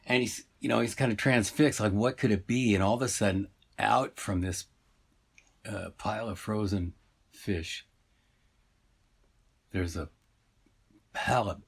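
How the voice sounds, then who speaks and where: A man's voice: lowish voice, fairly even intonation, unhurried, creaky, long pauses, breathy edge. A man telling a story in a rambling, meandering way, full of fillers and asides.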